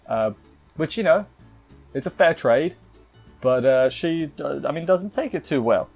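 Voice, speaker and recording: A man's voice: mid-range voice, normal speed, darkish tone, lo-fi sound, soft background music. A man casually reviewing an anime episode, rambling and restarting with wry asides.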